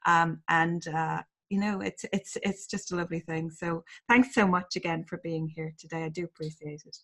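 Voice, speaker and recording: A woman's voice: fairly low pitch, fairly even intonation, moderate pace, a bit bright. A woman from Ireland hosts an interview podcast. She keeps a chatty, effusive manner and thanks her guest repeatedly. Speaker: podcast host. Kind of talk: casual interview chat.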